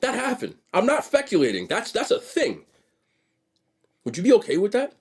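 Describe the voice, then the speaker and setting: A young man, a vlogger, giving animated casual commentary straight to his viewers with a husky voice. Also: high voice, normal speed. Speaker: mukbang vlogger.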